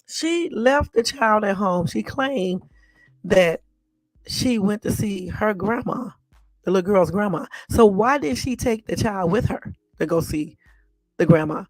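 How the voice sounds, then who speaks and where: A woman's voice: mid-range voice, lively intonation, a little slow, dry recording. A woman hosting a live stream, reacting bluntly and with exasperation to news clips, repeating herself and swearing casually. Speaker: channel host.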